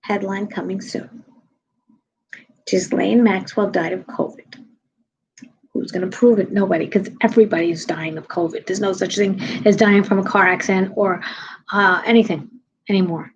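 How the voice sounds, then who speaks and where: A tired woman comedian with a low voice, ranting bluntly and sarcastically to her viewers in a casual chat. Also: steady tone, normal speed, long pauses, dull audio, slight background noise. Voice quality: low, husky. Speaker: comedian live-streaming.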